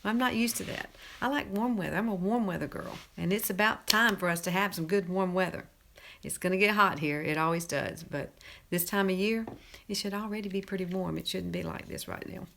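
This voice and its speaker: A woman's voice: medium pitch, fairly quick, creaky, a bit bright, slight background noise. Chatty Southern woman from Alabama. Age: 50s. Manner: chatty, folksy, repeats herself for emphasis. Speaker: beauty tutorial host. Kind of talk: casual makeup tutorial.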